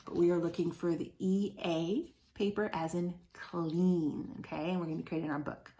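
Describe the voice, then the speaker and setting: Female teacher, low gravelly voice, patient phonics lesson for kids, roomy echo. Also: fairly even intonation, noisy background. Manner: slow, sounds out words, encouraging. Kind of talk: remote phonics lesson for young children.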